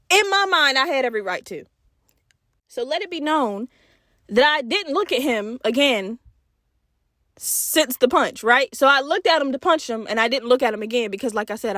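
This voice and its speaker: Woman podcast host, young, high-pitched, dry booth sound; brash, profane storyteller who addresses the audience. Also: dry recording. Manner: profane, animated, talks straight to listeners. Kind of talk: casual storytelling. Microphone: podcast mic.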